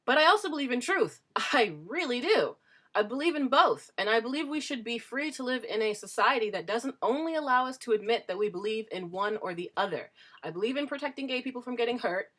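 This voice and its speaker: A woman vlogger speaks straight to her audience in a monologue of her own views. She is emphatic and earnest, hitting key words hard and often restarting a phrase as she presses her point, in a voice of ordinary pitch for a woman. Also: a bit bright. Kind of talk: opinion monologue to camera.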